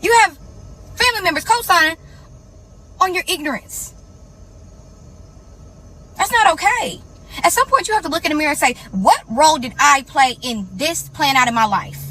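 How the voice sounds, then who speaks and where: A woman's voice: sits high, sharp tone, rough recording. A woman lecturing viewers in a scolding, preachy way. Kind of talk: lecturing to camera.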